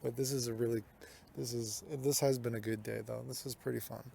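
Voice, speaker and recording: A young man narrates a nighttime walk through the city into a handheld phone, profane and rambling, with plenty of "dude." His voice is gravelly and mellow, medium in pitch and steady in tone, and he talks briskly. A little hiss or hum can be heard.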